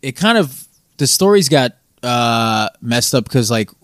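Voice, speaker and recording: Lively storytelling man, dry close sound. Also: mid-range voice, unhurried, dry recording. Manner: animated storyteller, acts out voices, laughs a lot. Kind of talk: casual podcast chat.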